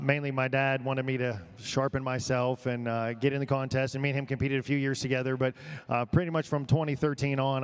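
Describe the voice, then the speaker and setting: A man's voice: mid-range voice, smooth. A man answering interview questions as an auctioneer contestant, easygoing and modest. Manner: easygoing, modest replies with fillers.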